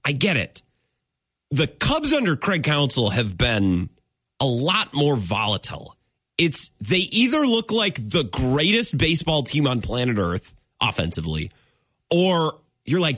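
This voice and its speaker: A man's voice: a little high, wildly swooping pitch, moderate pace, a bit bright, dry recording, clean studio sound. A man hosting a sports podcast, talking casually and animatedly, laughing often and drifting off his point before circling back.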